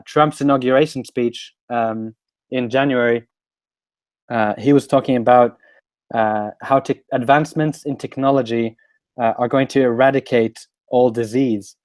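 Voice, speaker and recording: A man's voice: mid-range voice, darkish tone, no room sound. Hesitant Swedish-born man, dry sound. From Sweden. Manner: hesitant, many fillers and restarts. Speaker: guest. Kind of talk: casual chat. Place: London.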